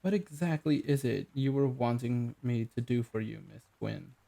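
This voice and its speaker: A man voicing a gruff, terse ex-army detective. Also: mid-range voice, fairly even intonation, moderate pace, warm tone, close to an everyday voice. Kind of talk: audiobook character voice.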